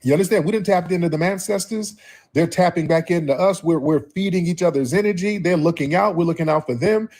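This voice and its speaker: A man's voice: high voice, quick pace, a little mellow. A man hosting a live stream, preaching at length and sparring with callers and trolls. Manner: preachy, combative, calls in viewers. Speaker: host.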